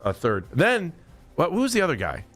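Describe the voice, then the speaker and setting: A man's voice: a little high, wildly swooping pitch, a little fast, heavy background noise. A man hosting a sports radio show in a studio, chatty and jokey, rambling through his lines and slipping into a big announcer voice. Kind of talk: casual sports radio chat. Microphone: studio microphone.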